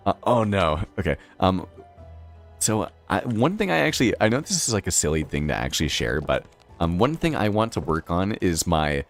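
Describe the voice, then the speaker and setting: A man's voice: sits low, big pitch swings, moderate pace, creaky, soft background music. A man from Boston with a Boston accent, chatting casually on a game live stream, rambling with lots of fillers and frequent laughs. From Boston, Massachusetts. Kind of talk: casual live-stream chat while playing.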